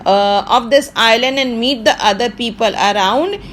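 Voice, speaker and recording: A woman English literature teacher who reads out lines from a play and paraphrases them in plain words, with many fillers and pauses. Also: fairly high pitch, a bit bright, slight background noise.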